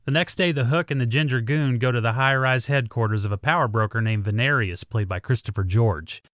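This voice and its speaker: A man's voice: mid-range voice, fairly quick, a bit bright, no echo. A man co-hosting a podcast, recapping a movie plot with dry, wry remarks. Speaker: podcast co-host.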